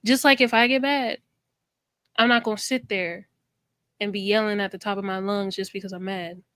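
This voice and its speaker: A woman's voice: medium pitch, steady tone, normal speed, a bit bright, smooth, no room sound. A woman in a casual podcast debate, firmly laying out her points one by one. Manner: firm, lays out her points step by step.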